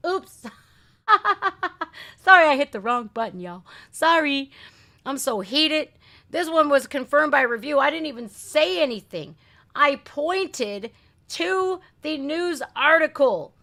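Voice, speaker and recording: A woman with a high, animated voice and a fairly bright tone keeps a measured pace. She's hosting a live reaction stream, ranting indignantly with swearing and rhetorical questions in heated commentary for her channel.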